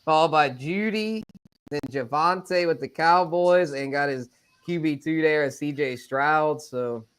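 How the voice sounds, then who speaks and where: A man's voice: on the high side, unhurried, fairly bright tone, clear, resonant tone. A man co-hosting a casual fantasy football podcast, joking, laughing often and rattling off player names. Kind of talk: casual chat.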